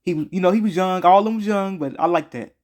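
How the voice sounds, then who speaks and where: A man's voice: sits high, fast, darkish tone. A man giving a casual game review, slangy and profane, rambling with frequent restarts.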